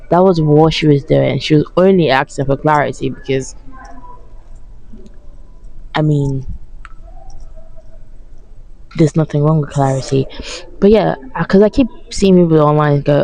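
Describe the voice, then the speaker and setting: A woman's voice: low voice, a little fast, vocal fry, warm tone, dry recording, low-quality recording. A tired woman ranting to camera about a reality dating show, blunt, sarcastic and full of swearing. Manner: blunt, sarcastic, profane, mocking. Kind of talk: casual rant to camera.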